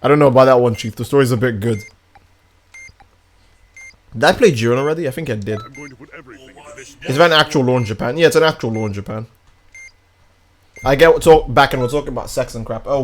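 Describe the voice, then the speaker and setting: A man live-streaming a game, chatting casually with his viewers and reacting loudly to the gameplay in a crude, animated way. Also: medium pitch, quick pace, long pauses. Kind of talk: casual live-stream commentary while gaming.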